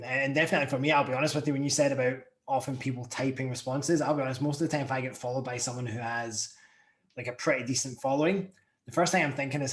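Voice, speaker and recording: Easygoing Scottish man hosting a podcast. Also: mid-range voice. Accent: Scottish, softened. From Scotland. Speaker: podcast host. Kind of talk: casual podcast interview.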